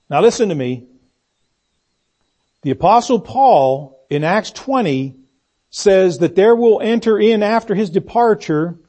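A man's voice: a little high, a little mellow. A man preaching an expository sermon in a church, emphatic, repeating key phrases and asking the congregation questions.

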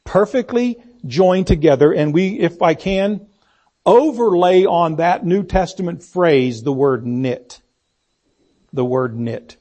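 A man's voice: fairly high pitch, expressive, takes it slowly, mellow. A man preaching an expository sermon in a church, emphatic, repeating key phrases and asking the congregation questions.

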